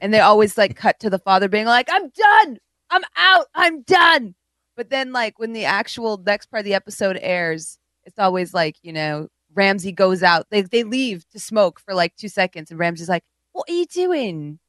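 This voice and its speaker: A woman's voice: mid-range voice, normal speed, hardly any pauses, a bit bright, dry recording. A woman co-hosting a podcast, chatting casually, laughing often and mimicking people. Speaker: podcast co-host. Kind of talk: casual chat.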